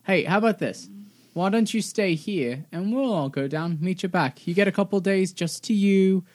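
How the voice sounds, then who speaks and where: A woman's voice: mid-range voice, moderate pace, a little mellow. A woman playing a tabletop game, chatting in an upbeat, coaxing way. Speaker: player. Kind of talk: casual tabletop game chat.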